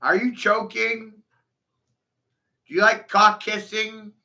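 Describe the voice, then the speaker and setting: A man's voice: high voice, steady tone, slow, vocal fry, sharp tone. A man in a profane, mocking rant, taunting his listeners and breaking into scornful laughs. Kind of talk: ranting monologue. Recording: dull lo-fi recording.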